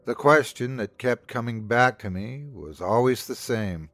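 A man's voice: medium pitch, animated, unhurried, a bit bright, no echo. A man hosting a podcast, giving dramatic scripted narration of a horror story.

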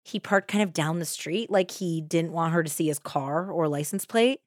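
A woman with a fairly low voice recounts a true crime case for her podcast. She talks casually and jumps up in pitch when she acts out what people said. The sound is dry and close, with no room around it. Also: normal speed, no echo. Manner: conversational, animated when acting out quotes. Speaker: podcast host.

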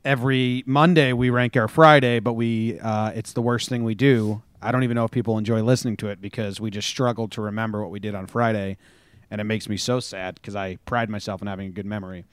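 A man's voice: on the low side, steady tone, quick pace, clean tone, no room sound. A man co-hosting a podcast, telling stories in a rambling, chuckling, casual way. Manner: rambling storyteller, chuckles often. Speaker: podcast co-host. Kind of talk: casual chat.

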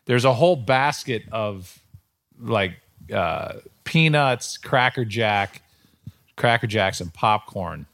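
A middle-aged man hosting a podcast, telling stories in an animated, casual way. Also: lowish voice, takes it slowly. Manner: animated storytelling, acts out quotes. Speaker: podcast host. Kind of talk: casual chat.

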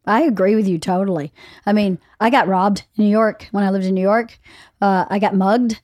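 A middle-aged woman hosts a relaxed podcast chat and tells stories with lively acted-out quotes. Her voice sits at a medium pitch. The recording is dry and close. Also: a little fast, no room sound. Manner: animated storyteller, acts out quotes. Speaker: podcast host. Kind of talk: casual podcast conversation.

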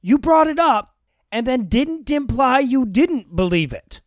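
A man co-hosting a comedy podcast, incredulous and profane, quick to laugh. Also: very high voice, big pitch swings, no room sound, clean studio sound. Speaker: podcast co-host. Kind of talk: casual comedic chat.

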